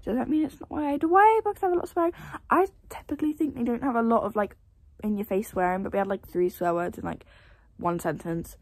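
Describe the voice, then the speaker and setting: A woman's voice: on the high side, fast talker, dry recording. Gushing teen girl reading vlogger. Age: teens. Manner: gushing, excitable, swears, mixes soft asides with loud outbursts. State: tired, late at night. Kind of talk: casual reading vlog chat. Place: bedroom at home with a fan running.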